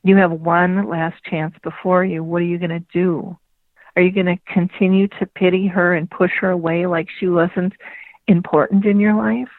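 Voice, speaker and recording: A woman's voice: on the low side, flat delivery, normal speed, no echo. A woman voicing a male horse who earnestly urges others with pointed questions, over a dry phone line. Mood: urging. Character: grave male horse messenger.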